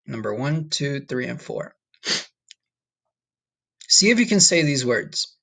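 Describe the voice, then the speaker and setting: A man's voice: medium pitch, big pitch swings, vocal fry, bright, forceful tone. A man teaching a recorded online Spanish lesson in a casual way, often checking in with "okay?" and "all right?". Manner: slow, drawn-out modeling of Spanish words.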